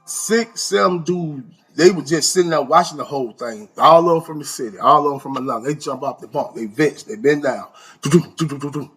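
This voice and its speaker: A man telling an animated, slang-heavy story in a casual way, his voice leaping up for emphasis. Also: on the high side, a little fast, husky, faint music behind. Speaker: storyteller recounting prison life.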